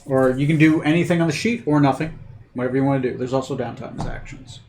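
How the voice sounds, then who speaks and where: A man's voice: medium pitch, quick pace, darkish tone, a little hiss or hum. A man acting as game master for a tabletop game, narrating loosely with many fillers and restarts. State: has the hiccups.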